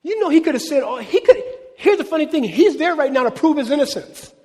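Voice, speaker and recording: A man with a very high-pitched voice preaches a sermon to a congregation, keeping it conversational and throwing questions back at the room. His voice carries a long reverb from the large church hall. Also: brisk. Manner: lively conversational preaching, asks the crowd questions. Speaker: pastor.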